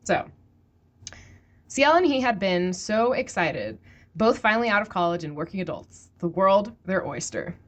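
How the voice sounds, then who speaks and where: A woman's voice: mid-range voice, expressive, measured pace. A woman hosting a podcast in casual, giggly, enthusiastic chat. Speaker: podcast host.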